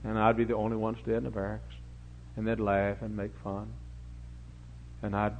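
Preacher guy, middle-aged, wanders off track then booms out, lowish voice, dull old tape w/ faint hum. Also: flat delivery, normal speed. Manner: rambling, digressive anecdotes with sudden loud emphatic rises. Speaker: pastor. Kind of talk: folksy storytelling sermon. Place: church service before a congregation.

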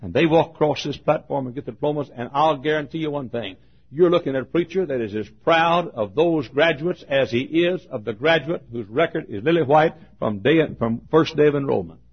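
Husky older preacher, fervent sermon. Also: male voice, brisk. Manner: fervent preaching, swings from shouts to low asides. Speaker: pastor. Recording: dull lo-fi sermon recording.

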